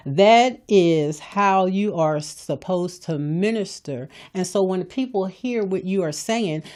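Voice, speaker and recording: A woman's voice: fairly low pitch, warm tone. A woman, hosting a podcast in a blunt, folksy, sermon-like way, scolding with humor. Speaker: podcast host. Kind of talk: preachy motivational talk.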